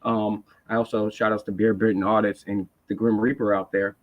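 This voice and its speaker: A man's voice: on the low side, level tone, a little fast, no echo. A nasal, hyped-up man with a Rhode Island accent hosts a live chat. He rambles, restarts his sentences and piles up asides. The stream audio is dull and lo-fi. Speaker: host.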